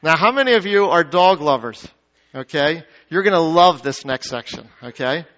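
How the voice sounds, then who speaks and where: A pastor with a high voice for a man preaches a sermon in a church sanctuary, animated and at normal speed. He throws questions at the congregation and swings between emphatic peaks and hushed, low asides. The recording is dull and lo-fi.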